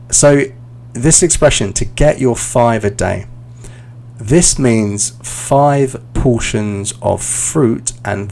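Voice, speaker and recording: A London man in his thirties with a London accent teaches English on a live stream. His voice sits fairly low and has a gravelly, creaky edge. He talks in a loose, chatty way, pausing on fillers while he answers viewers. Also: darkish tone, slight background noise. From London, England.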